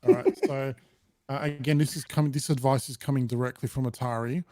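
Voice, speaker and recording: A man's voice: mid-range voice, fairly even intonation, fairly quick, a crowd in the background. A man hosting a gaming podcast, talking casually with many fillers and restarts. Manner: reads a statement aloud while trying not to laugh. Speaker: podcast host. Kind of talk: casual chat.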